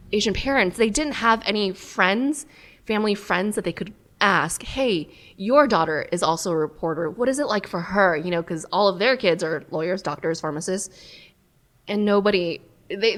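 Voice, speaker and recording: A woman journalist, a podcast guest, chatting casually and telling lively stories about her life, from Southern California. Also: medium pitch. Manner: lively, animated storytelling. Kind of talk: casual interview chat.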